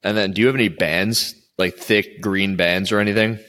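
A man's voice: lowish voice, fairly even intonation, moderate pace, sharp tone. A man coaching and interviewing an athlete in a casual chat, rambling and restarting his sentences often.

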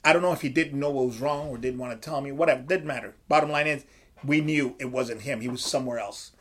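A man's voice: medium pitch, fast, fairly bright tone. A middle-aged man hosting a podcast, talking like a coach who swears freely and asks and answers his own questions. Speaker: podcast host and strength coach. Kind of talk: casual podcast talk.

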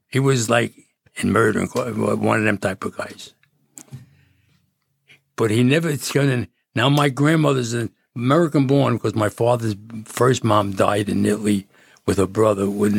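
A man's voice: lowish voice, fairly even intonation, normal speed, creaky, husky, dry recording, studio quality. A man in his eighties from City, telling rambling stories as a podcast guest. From Jersey City, New Jersey. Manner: rambling, with frequent restarts and chuckles. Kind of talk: casual storytelling.

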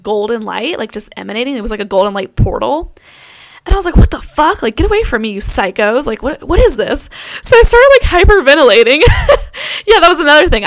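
A young woman hosting a podcast, telling a personal story in a casual monologue, full of fillers and swearing. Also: fairly high pitch. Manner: frequent fillers, swears freely, animated retelling. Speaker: podcast host.

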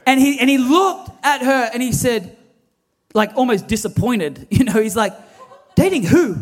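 A man's voice: very high voice, moderate pace. A man, preaching a sermon as lead pastor, telling stories animatedly with quoted dialogue.

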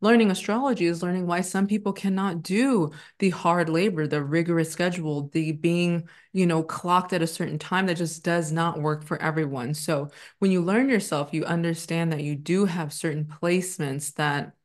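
A woman in her thirties talks straight to camera in a loose, confessional vlog, pausing often with ums. Her voice sits a little low for a woman. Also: steady tone. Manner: candid, rambling, frequent ums. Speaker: astrologer and former teacher. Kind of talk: casual personal vlog.

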